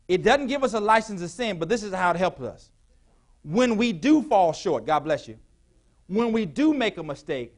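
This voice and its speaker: A male pastor preaching a sermon in a church, with call-and-response questions to the congregation, sometimes rising to shouts. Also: high-pitched, big pitch swings, moderate pace. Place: church sanctuary.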